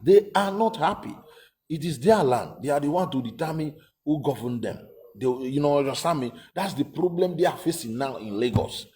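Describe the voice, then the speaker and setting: Emphatic man, mellow voice. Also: mid-range voice, animated, a little fast. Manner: emphatic, repetitive, rhetorical questions. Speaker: commentator. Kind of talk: casual political commentary.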